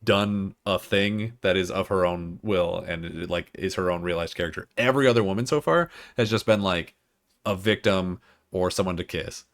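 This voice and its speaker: A man's voice: low-pitched, normal speed. A young man co-hosting a podcast, reviewing episodes in casual, rambling, joking chat. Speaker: podcast co-host.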